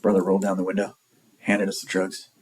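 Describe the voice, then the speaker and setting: A man's voice: deep voice, completely flat delivery, fast, a little mellow, breathy edge, poor audio. A man in his forties from the San Diego area, telling a rambling, profane story in a blunt, casual way. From San Diego area, California. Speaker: storyteller vlogger.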